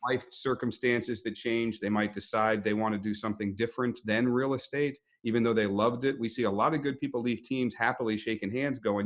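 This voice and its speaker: A man's voice: mid-range voice, brisk, few pauses. A man hosting a webinar interview, explaining in a conversational way with acted-out quotes.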